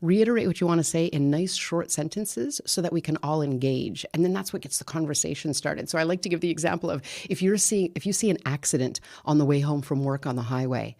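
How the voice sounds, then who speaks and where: Low-voiced woman coaching on a podcast. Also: fast talker, creaky, few pauses, dark tone. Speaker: guest, communication coach. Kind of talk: podcast conversation.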